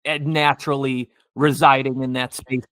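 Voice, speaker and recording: A man hosting a podcast interview, making measured and thoughtful remarks to his guest. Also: medium pitch, flat delivery, fairly bright tone, no room sound. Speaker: podcast host. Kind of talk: conversational interview.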